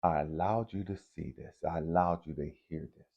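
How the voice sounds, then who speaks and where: A man's voice: low-pitched, brisk, highs cut off. A man talking candidly and confessionally to viewers, swearing freely as he works through forgiveness. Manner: candid, profane and confessional, addresses viewers directly. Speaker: spiritual vlogger. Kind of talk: casual spiritual monologue.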